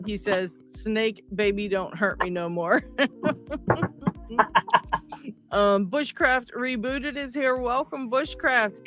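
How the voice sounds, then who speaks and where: Chatty woman hosting a live stream. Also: a little high. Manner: chatty, laughs often, greets chat by name. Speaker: livestream host. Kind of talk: casual livestream chat.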